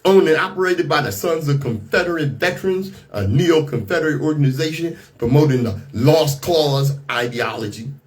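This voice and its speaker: A man's voice: on the high side, expressive, normal speed, hardly any pauses. A man hosting a radio talk show, giving outspoken, indignant commentary on the news and often repeating and restarting his words.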